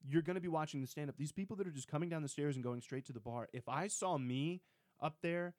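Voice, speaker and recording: A man's voice: fairly high pitch, fast, a little mellow, dry recording. A young man co-hosting a casual podcast in a studio, teasing and rambling with frequent laughs. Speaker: podcast co-host. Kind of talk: casual chat.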